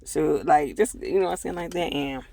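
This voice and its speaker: Retelling scenes in a loose episode recap and review, a man acts out characters' lines, sprinkles in fillers and asides to viewers, and grows heated when annoyed. His voice is fairly high, gravelly and darkish in tone, at a moderate pace.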